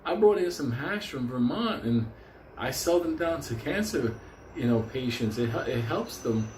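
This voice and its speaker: A man's voice: lively intonation, a little mellow, a little hiss or hum, close to an everyday voice. A man voicing an earnest older male hippie hash baker who stammers in a raised voice. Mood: earnest, fretful. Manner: halting, stammering, pitched up. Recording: roomy echo.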